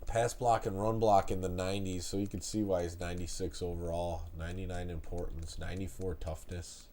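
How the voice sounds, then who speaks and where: Congested man in his thirties, streamer type, low mellow voice, unhurried delivery, casual stat read-outs. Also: little pitch movement, a little hiss or hum. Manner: laid-back, chatty, reads out stats with restarts. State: stuffed-up nose. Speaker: streamer reviewing a retro game. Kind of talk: live-stream game commentary.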